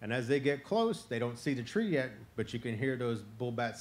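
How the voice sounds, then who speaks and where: Guy from florida telling a folk tale, chatty, animated, middle pitch. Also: normal speed, hardly any pauses. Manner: conversational, animated, breaks into chanted song. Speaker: storyteller. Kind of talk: live oral folk storytelling.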